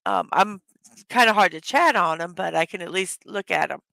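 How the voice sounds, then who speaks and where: A tired, hoarse woman hosting a casual morning livestream, greeting her chat viewers one by one. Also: fairly low pitch, moderate pace, fairly bright tone, no echo. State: tired from little sleep. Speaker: livestream host.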